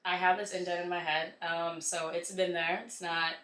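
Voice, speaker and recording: A woman guest on a podcast telling a personal story in animated, casual conversation, full of "like.". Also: on the low side, moderate pace. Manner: animated retelling, heavy use of "like". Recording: echoey room.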